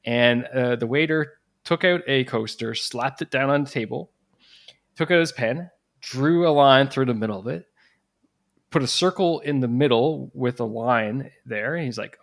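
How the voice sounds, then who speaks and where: A Canadian man with a mid-range voice hosts a casual podcast interview. He tells his stories quickly and with energy, often restarting his sentences. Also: medium pitch, vocal fry. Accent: standard Canadian English. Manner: quick and lively when telling a story, with frequent restarts. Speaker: podcast host.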